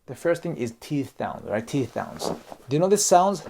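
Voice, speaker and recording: A Japanese YouTuber explains Japanese customs in a casual online lesson, speaking non-native English with a Japanese accent and often checking in with "okay?" and "right?" while acting out example dialogues. His voice is on the high side and creaky, with big pitch swings and a moderate pace, over a noisy background.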